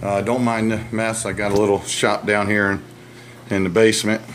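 A man's voice: fairly low pitch, flat delivery, moderate pace, a bit bright, a little hiss or hum. A man vlogging from a small cluttered basement shop, out of breath and rambling, often correcting himself and apologizing. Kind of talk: casual rambling vlog.

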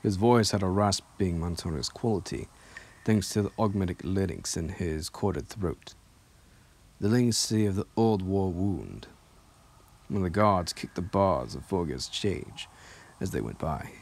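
Deep-voiced man reading a novel aloud. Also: measured pace, a little hiss or hum. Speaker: audiobook reader. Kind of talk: audiobook narration.

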